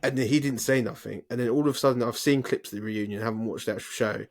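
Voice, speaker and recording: A man's voice: medium pitch, steady tone, quick pace. A man co-hosting a podcast in casual chat, swearing freely and ranting off on tangents. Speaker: podcast co-host.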